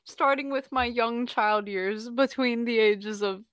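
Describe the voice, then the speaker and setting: A woman's voice: a little high, unhurried, no echo. A young woman chatting casually on a voice call, giggly and full of "like". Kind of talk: casual chat. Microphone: voice chat call.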